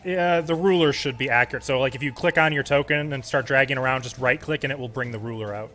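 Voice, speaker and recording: A man's voice: medium pitch, fast, fairly bright tone. A man acting as game master, patiently explaining the rules to his players. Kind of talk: running a tabletop game.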